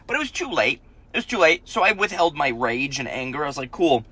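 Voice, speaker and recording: A man's voice: a little high, very animated, a little fast, pushed and bright, slightly rough, dry recording. A man in his thirties telling profane comic stories about his kids, ranting and acting out their voices. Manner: ranting, swears heavily, acts out his kids' voices. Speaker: comedian and parent. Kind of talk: profane comedic storytelling.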